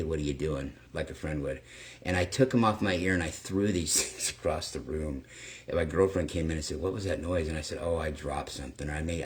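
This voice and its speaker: A man hosting his own channel, telling a personal story in a rambling, casual way, swearing now and then and checking in with "okay?". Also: very deep voice. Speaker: channel host.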